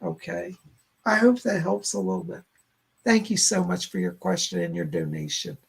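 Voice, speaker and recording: A man's voice: high voice, big pitch swings, moderate pace, creaky, slightly rough. A man hosting a live stream as a psychic medium, chatting reassuringly as he reads chat questions aloud and passes on messages. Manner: chatty and reassuring, with many "and she said" asides.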